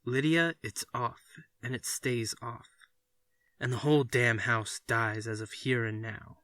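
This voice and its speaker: Resolute storybook father, read by a man, slow, dry delivery. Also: mid-range voice, fairly even intonation, bright, forceful tone, no echo. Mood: stern. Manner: firm, emphatic declarations. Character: stern father, uneasy then firm and forceful. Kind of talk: reading a story aloud.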